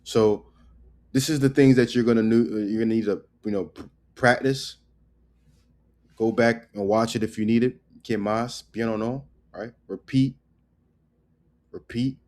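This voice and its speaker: A man giving a casual spoken language lesson, loose and repetitive, tagging "right?" onto his points and drilling words slowly. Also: medium pitch, steady tone, darkish tone. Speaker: language teacher.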